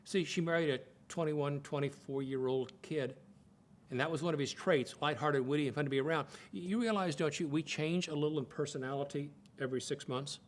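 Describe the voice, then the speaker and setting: A man's voice: a little high, a little fast. An older man giving a folksy, conversational teaching talk at a Bible college, often repeating words as he thinks aloud.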